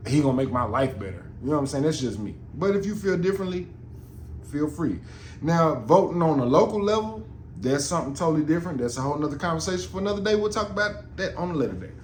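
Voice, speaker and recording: A man's voice: fairly high pitch, darkish tone. A man hosting a podcast, talking in a casual, rambling and profane monologue in a roomy recording. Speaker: podcast host. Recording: roomy with faint noise.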